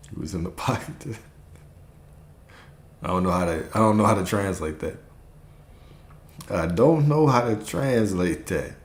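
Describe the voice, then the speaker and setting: Man, low voice, relaxed spiritual coach, rhetorical questions, echoey room. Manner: relaxed, repetitive, checks in with "okay?". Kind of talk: livestream spiritual talk. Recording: roomy echo.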